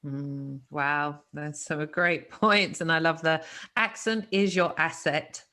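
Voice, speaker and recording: A woman's voice: sits low, steady tone, takes it slowly, bright, forceful tone. A British woman hosting an interview, laughing often as she talks. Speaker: interview host. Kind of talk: interview conversation.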